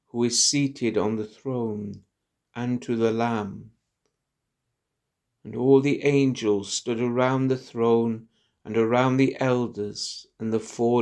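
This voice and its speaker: A man reads scripture aloud in a liturgical service. He keeps a very unhurried pace. His voice has a gravelly, fried texture. The delivery stays measured and solemn throughout. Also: mid-range voice, a little mellow. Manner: slow, measured, solemn reading. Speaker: lector.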